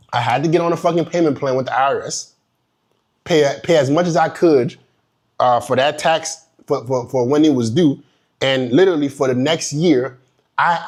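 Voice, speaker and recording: A man who is a business coach, telling a personal story in a course lecture in a blunt, profane, emphatic way. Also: on the high side. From immigrant.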